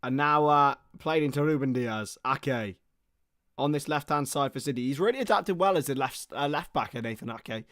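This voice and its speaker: A young man giving excitable live football play-by-play on a stream, his voice starting to go hoarse, greeting viewers between plays. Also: mid-range voice, moderate pace, no echo, studio quality. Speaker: football watchalong host.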